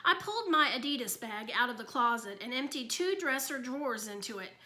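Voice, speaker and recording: A woman reading a children's book aloud in an expressive storytelling manner. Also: a little high, fairly quick. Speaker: reader.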